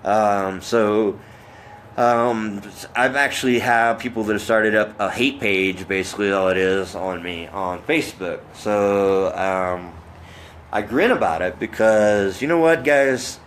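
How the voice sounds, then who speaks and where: An earnest man from Oklahoma speaks straight into his camera at home in a lowish voice, rambling and restarting, turning preachy as he goes. A faint room hiss sits behind him. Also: unhurried. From Oklahoma, United States. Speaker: vlogger. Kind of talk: personal video update.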